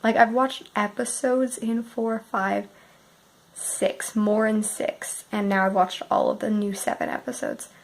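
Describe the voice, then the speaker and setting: A young woman in her early twenties from Canada, musing sleepily and softly about books while unwell, often dropping to a half-whisper. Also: medium pitch, level tone, unhurried, rough recording. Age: early 20s. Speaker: book vlogger.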